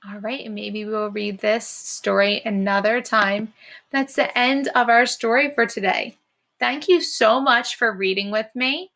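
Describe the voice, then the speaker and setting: A woman teacher reading a storybook aloud to children, encouraging them and pausing to talk about the characters' feelings. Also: medium pitch. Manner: encouraging, warm praise to young listeners.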